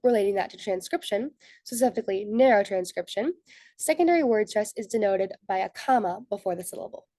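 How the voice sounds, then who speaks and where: A young woman walks through a class presentation point by point, reading from prepared notes. Her voice is mellow and warm rather than bright. The recording is dry, with no room sound. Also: mid-range voice, animated, brisk, dry recording. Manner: methodical, reads from prepared notes. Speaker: student presenter. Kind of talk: scripted slide presentation.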